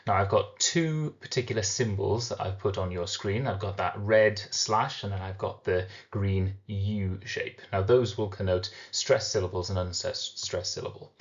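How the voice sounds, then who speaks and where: A man with a fairly low voice teaches a recorded literature lesson, walking through it step by step and slowing to sound out syllables. The recording's high frequencies are cut off.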